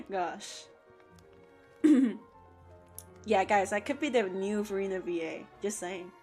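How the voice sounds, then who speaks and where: A woman's voice: medium pitch, lively intonation, extremely slow, long pauses, a little mellow, faint music behind. A woman art streamer in casual live-stream chat, playful and joking, often laughing.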